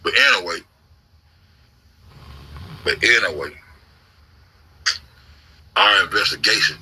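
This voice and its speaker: A man's voice: lowish voice, expressive, a little slow, long pauses, pushed and bright, breathy edge, low-quality recording. A man telling a rambling, profane story in a casual livestream, repeating himself and swearing heavily. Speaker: livestreamer recounting an online investigation.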